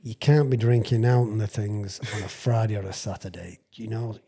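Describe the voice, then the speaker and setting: Man around 60, retired footy player spinning a yarn, husky warm voice, keeps restarting and chuckling. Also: lowish voice, steady tone, normal speed. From England. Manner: rambling, chuckling storyteller with frequent restarts. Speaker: retired rugby league player, podcast guest. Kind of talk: casual storytelling anecdote.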